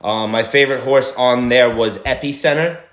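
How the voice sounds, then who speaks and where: A man's voice: medium pitch, normal speed, fairly bright tone, roomy sound. A man co-hosting a casual sports podcast, loose and joking, swearing freely and laughing often. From Italian heritage. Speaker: podcast co-host. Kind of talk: casual chat.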